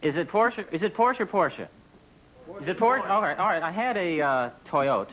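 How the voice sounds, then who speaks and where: A man delivers a stand-up routine from a TV studio stage, his voice sitting fairly high. His asides are deadpan and self-deprecating. A loud hiss from old broadcast tape runs underneath. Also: normal speed. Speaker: stand-up comedian guest. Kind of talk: stand-up monologue on a talk show. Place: TV studio stage before an audience.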